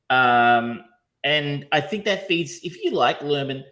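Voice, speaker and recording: A man's voice: fairly high pitch, expressive, slow pace, pushed and bright. A man co-hosting a podcast, talking casually and rambling, with frequent ums, restarts and casual swearing. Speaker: podcast co-host reviewing films. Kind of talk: casual chat.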